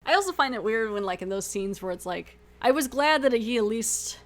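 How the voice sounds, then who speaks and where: A young adult woman with a slightly high, animated voice talks fairly quickly as she hosts a podcast reviewing a TV episode. She retells it casually and chattily, acting out lines and filling her speech with "like" and "you know."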